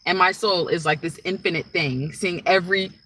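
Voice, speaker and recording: A woman's voice: on the low side, moderate pace, pushed and bright, a little hiss or hum, low-quality recording. A woman speaking as a spiritual teacher in a casual, rambling monologue, often checking in with "right?" and "like".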